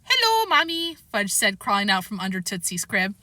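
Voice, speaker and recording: A woman reading a children's novel aloud in a lively, expressive storytelling voice. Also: mid-range voice, fairly quick, dry recording.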